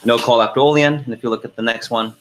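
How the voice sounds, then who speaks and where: A middle-aged man leading a team conference call, telling a lively story with laughs and then going through the agenda. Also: mid-range voice, quick pace, a little hiss or hum.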